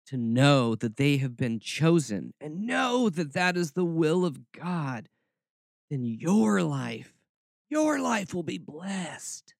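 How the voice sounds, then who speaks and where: A man putting on a fervent woman preacher with a heavy Southern accent, stretching every phrase into a slow, exaggerated drawl. The pitch swings widely and climbs high. It is recorded close and dry. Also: vocal fry, darkish tone, dry recording, exaggerated voice.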